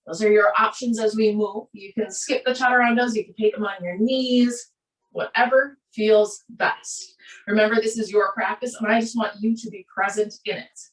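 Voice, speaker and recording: A woman with a Minnesota accent, a yoga instructor giving calm, steady, breath-paced cues through a class. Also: mid-range voice, normal speed. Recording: roomy echo, voice from a distance.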